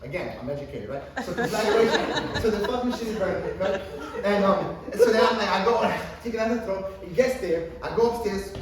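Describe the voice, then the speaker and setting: At a coffee shop open mic, a man in his thirties rambles through a stand-up story, swearing and packing in fillers. His high-pitched voice is animated and a little fast with few pauses, while a loud crowd and ambient noise fill the echoey, distant room recording.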